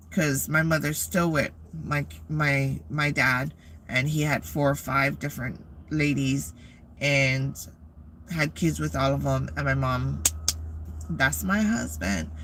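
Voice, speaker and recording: Woman vlogger, forceful bright voice, profane rambling storyteller. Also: sits low, slow pace, a little hiss or hum. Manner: profane, rambling, animated retelling. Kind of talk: casual storytelling.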